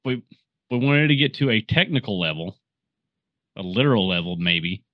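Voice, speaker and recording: A man's voice: fairly low pitch, lively intonation, moderate pace, no room sound. A man hosting a podcast, casually retelling a movie scene with lots of fillers and restarts. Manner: rambling, filler-heavy storytelling. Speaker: podcast host. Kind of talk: casual movie recap chat. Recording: dull, dry sound.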